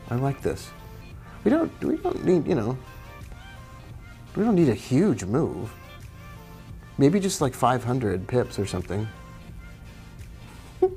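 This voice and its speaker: A man's voice: medium pitch, darkish tone. Chatty man hosting a live trading stream. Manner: casual, chatty, greets viewers by name. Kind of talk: live-stream commentary on charts.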